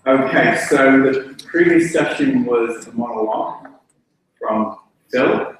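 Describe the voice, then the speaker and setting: A man's voice: medium pitch, slow. A man introduces a conference panel in a loose, joking way, sometimes restarting a word. His voice sounds far from the mic and echoes around a large lecture hall, with faint noise behind it. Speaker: panel chair.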